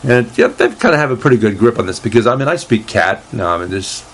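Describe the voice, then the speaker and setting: A man hosting a casual solo talk show, reading aloud haltingly with lots of fillers and restarts, and a dry, deadpan humor. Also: medium pitch, slight background noise. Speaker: host.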